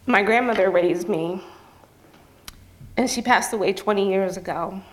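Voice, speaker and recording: Brief: female professor presenting to an audience, earnest and a bit nervous, mid-pitched voice. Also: measured pace. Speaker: journalism professor presenting her project. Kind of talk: public presentation. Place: campus event venue.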